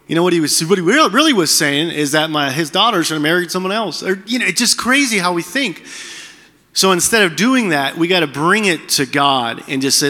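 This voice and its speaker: A man's voice: fairly high pitch, lively intonation, fairly quick, pushed and bright, long reverb tail. A middle-aged man preaching a sermon as pastor, talking candidly and conversationally with frequent restarts.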